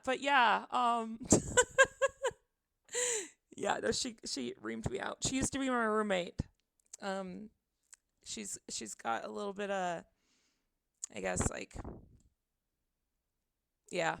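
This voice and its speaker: A woman's voice: a little high, lively intonation, slow pace, creaky, long pauses, fairly bright tone, no echo. A young woman chatting casually on her live stream from her apartment, giggling often, her voice a little tired, into a desk microphone.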